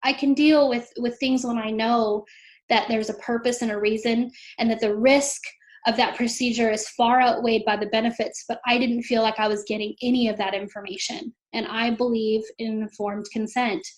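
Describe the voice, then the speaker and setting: A woman's voice: on the high side, steady tone, moderate pace. A woman, a mother, recounting a painful experience in an interview, earnest and emotional, lifting her voice when she quotes others. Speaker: mother telling her story. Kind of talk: interview storytelling.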